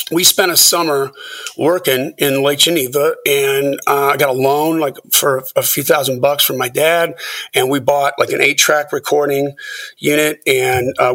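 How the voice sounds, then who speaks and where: A middle-aged man, a music producer, telling animated stories as a podcast guest. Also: on the high side, recorded from a distance. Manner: animated, acts out quoted people. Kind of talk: storytelling interview.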